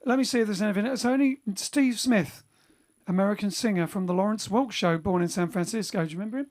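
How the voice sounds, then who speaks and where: A man's voice: high-pitched, fast, darkish tone. A man hosting a lockdown livestream for his band, chatting casually and reading out viewer comments, rambling with lots of fillers and restarts. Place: home during lockdown.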